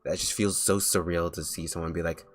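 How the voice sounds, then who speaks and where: A man's voice: sits low, fairly even intonation, brisk. A young man streaming as a vtuber, chatting casually while he draws, rambling with lots of filler words and restarts.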